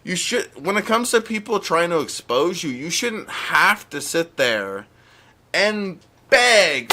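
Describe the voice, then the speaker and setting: Young guy streamer going off at chat, sarcastic, kinda high bright voice. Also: sing-song, takes it slowly, a little hiss or hum. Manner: sarcastic, heated, mock-pleading. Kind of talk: live-stream rant to chat.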